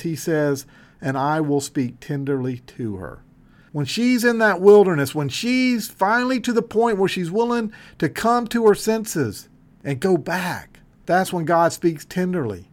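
A man preaching a sermon in an earnest style, swinging between emphatic passages and soft, tender ones. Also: high voice, lively intonation, unhurried. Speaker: pastor.

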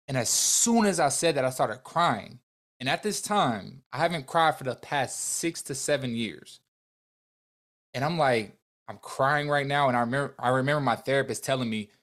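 A young man as a podcast guest, earnestly telling a personal story, acting out the dialogue and speaking openly about his faith. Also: medium pitch. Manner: earnest, animated, faith-filled, acts out dialogue.

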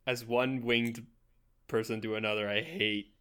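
An easygoing man talks through his turn in a tabletop game. His voice sits at a middle pitch and his talk stays casual. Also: fairly even intonation, unhurried, sharp tone, smooth. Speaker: player.

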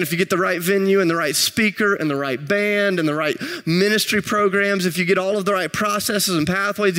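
A man's voice: sits high, bright, forceful tone. A man preaching a sermon, telling stories with self-deprecating humor and building to rising intensity. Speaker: pastor.

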